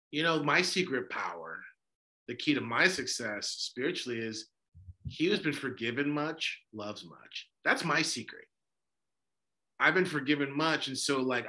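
Fervent priest with a bright voice. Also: male voice, mid-range voice. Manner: impassioned, many rhetorical questions. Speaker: Orthodox priest and podcast host. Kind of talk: podcast discussion.

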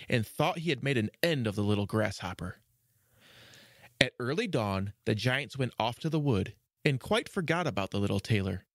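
A man narrating a fairy tale for a children's podcast, measured and expressive. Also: mid-range voice, dry recording, clean studio sound. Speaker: storyteller. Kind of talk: storybook narration.

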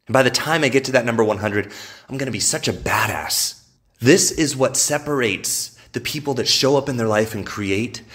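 A man's voice: fairly low pitch, a bit bright. A man hosting a podcast, delivering a motivational monologue in an emphatic, repetitive way and swearing freely. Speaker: podcast host.

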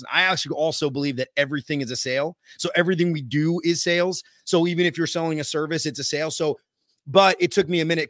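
A man hosting a podcast in casual chat, excitable and profane, rambling with many fillers. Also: fairly high pitch, dry recording, studio quality. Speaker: podcast host.

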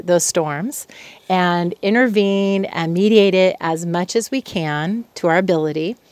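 A woman's voice: fairly low pitch, dry recording. A middle-aged woman, a clinical psychologist, talking casually to camera from her home patio, chatty and easily sidetracked. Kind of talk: casual educational talk to camera.

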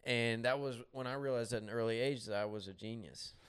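A man co-hosting a comedy podcast, talking in a deadpan, rambling way about absurd made-up boasts. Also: medium pitch, brisk, smooth. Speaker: podcast co-host. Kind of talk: deadpan satirical comedy chat.

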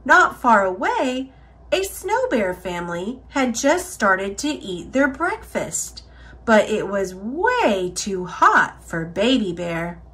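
Woman, children's read-aloud, expressive, lively swoops in pitch, unhurried. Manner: expressive, deliberate storytelling. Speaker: storybook reader.

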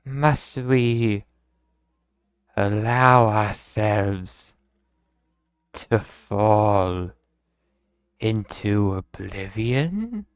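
A croaky, nasal male cult leader from a video game, grandiose and unhinged, as a man puts him on. The voice is clear yet dull and lo-fi, sounding dry and close. Pitch climbs high whenever he rants. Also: lively intonation, very slow, pauses often, no echo, full character voice. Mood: solemn. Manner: grandiose, swings from solemn to shrieking.

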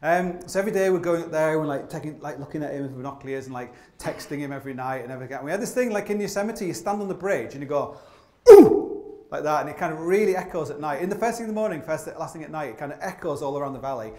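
A man tells rambling, self-mocking stories from a theatre stage, his voice sitting a little high for a man. His talk is thick with "like" and restarts. The stage mic picks him up in a roomy hall with plenty of echo. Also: animated, racing, few pauses, a little mellow. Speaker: climber giving a live stage talk. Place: opera house stage. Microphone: stage microphone.

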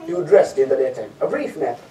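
A man's voice: mid-range voice, wildly swooping pitch, fast talker, warm tone. A man giving a storytelling sermon as lecturer, repeating phrases for emphasis and asking rhetorical questions. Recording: echoey hall, distant mic.

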